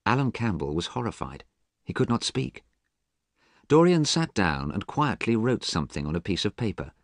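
A man narrating a storybook in a careful, measured way for learners. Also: fairly low pitch, big pitch swings, no echo, clean studio sound. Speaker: audiobook narrator.

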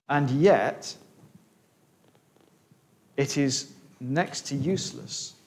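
Brief: man preaching a sermon, mid-pitched, earnest, stumbles and restarts. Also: a little mellow. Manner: halting, restarts words, earnest. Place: church hall.

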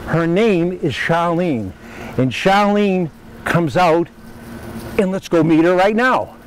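Guy hosting a garden show out on a farm, kinda high voice, little bit of background noise. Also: animated, slow pace, poor audio. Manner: jokey, talks to the goats like workers. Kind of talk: casual outdoor show hosting. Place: outdoors at a farm field.

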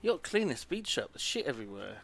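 A man's voice: mid-range voice, big pitch swings, quick pace, vocal fry, a bit bright. A man streaming a game live, chatting casually, swearing freely and muttering apologies to himself.

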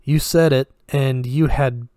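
A man's voice: mid-range voice, steady tone, slow pace, warm tone, dry recording, clean studio sound, lightly acted. Hard female interrogator, clipped and crude, voiced by a man. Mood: threatening.

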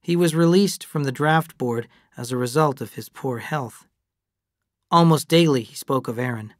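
A narrator reading an abridged novel aloud in slow, even storytelling. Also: mid-range voice, dry recording, clean studio sound.

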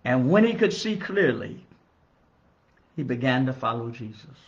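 A man, a minister, giving an earnest Bible study lesson in a church, measured and building emphasis on key phrases. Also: mid-range voice, very animated. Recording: dull lo-fi recording.

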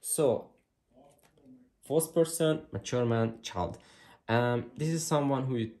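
A man doing a casual tarot reading to camera, blunt and excitable, swearing freely as he thinks aloud. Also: mid-range voice, takes it slowly. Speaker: tarot reader. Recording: roomy echo.

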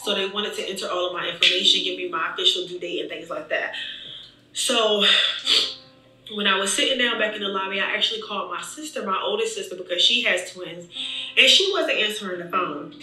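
A woman vlogger telling an emotional story in an animated, chatty way, talking straight to her viewers. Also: medium pitch, brisk. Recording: echoey room, distant mic.

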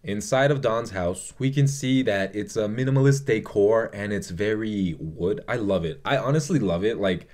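Young man, casual vlog chat, rambling, gushing, profane, slightly low voice. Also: normal speed, hardly any pauses, a little mellow. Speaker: vlogger reviewing a movie. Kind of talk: casual movie review chat.

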